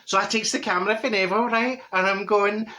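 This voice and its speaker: A man's voice: high voice, fairly even intonation, fairly quick, bright, forceful tone. A man playing a straight-talking, gossipy middle-aged woman from Glasgow, with a Glaswegian accent, chatting blunt comic stories to camera. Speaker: comic character.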